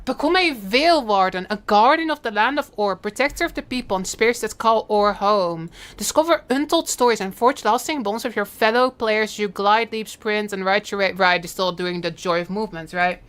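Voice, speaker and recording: Excitable young woman streamer, bright high voice with wild swings, gushing reactions. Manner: excitable, gushing, exclaiming and swearing.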